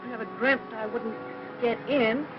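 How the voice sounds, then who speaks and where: An actress playing a fussy, chattering older aunt who meddles and prattles on, in 1950s film acting. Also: female voice, fairly high pitch, steady tone, moderate pace, lightly acted. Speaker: busybody aunt. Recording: muffled old film soundtrack with faint hiss.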